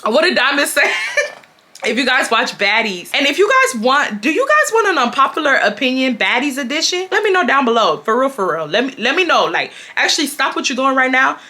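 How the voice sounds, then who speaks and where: A woman in her twenties from Texas telling a storytime to her viewers in a casual, animated, profane way, calling them y'all. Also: high voice, brisk. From Houston, Texas. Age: 20s. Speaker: storytime vlogger. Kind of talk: casual storytime chat to camera. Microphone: camera mic.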